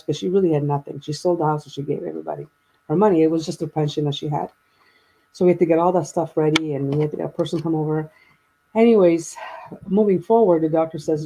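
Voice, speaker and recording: A woman in her fifties talks through a family story in conversation. Her voice is mellow and a little husky. She rambles, restarts her sentences and acts out what people said. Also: low-pitched, fairly even intonation, brisk, poor audio. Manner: rambling, with many restarts and quoted dialogue. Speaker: guest.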